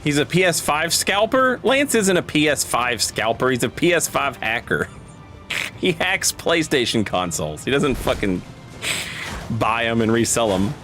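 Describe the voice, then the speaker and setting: Animated male game streamer chatting. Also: medium pitch, unhurried, faint music behind. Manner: rambling, stammering, swearing, reading chat aloud. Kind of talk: casual live-stream chat.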